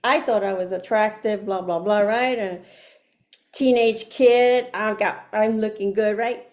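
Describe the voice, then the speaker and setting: A woman's voice: medium pitch, fairly even intonation, a little slow, darkish tone, lo-fi sound. A woman giving her faith testimony as a guest, telling it with feeling, acting out her inner voices and laughing often. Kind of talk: emotional storytelling.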